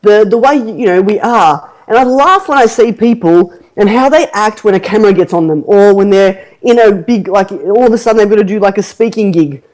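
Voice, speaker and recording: A woman hosts a casual marketing podcast, giving advice in a chatty, animated way full of fillers and laughter. Her voice is mellow and warm, at a medium pitch. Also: brisk, few pauses, rough recording. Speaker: podcast host, marketing coach. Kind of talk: casual chat.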